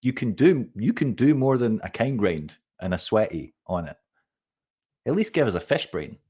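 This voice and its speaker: A man's voice: fairly low pitch, lively intonation, moderate pace, warm tone, slightly rough. A man in his forties hosting a casual live-stream chat, teasing his guest and often repeating words as he starts sentences. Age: 40s. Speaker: host.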